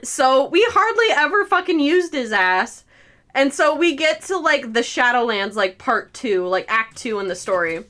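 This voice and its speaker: Woman streamer, high and sharp, profane and laughing, casual chat. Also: animated, normal speed. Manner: profane, laughing, loud acted outbursts. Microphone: streaming mic.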